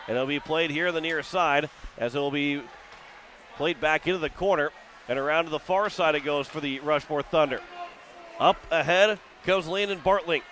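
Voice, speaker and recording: A man's voice: on the high side, sharp tone, a little hiss or hum. A man from Missouri calling hockey play-by-play for radio, rattling off the action and rising as plays build. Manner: rapid running description, rising with the action. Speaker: play-by-play announcer.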